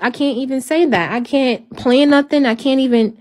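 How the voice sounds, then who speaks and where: A woman talks through her troubles on a livestream. Her speech comes in halting, repetitive bursts and carries a despairing note. The voice sits fairly high but sounds dark and mellow. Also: fairly even intonation. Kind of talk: emotional livestream talk.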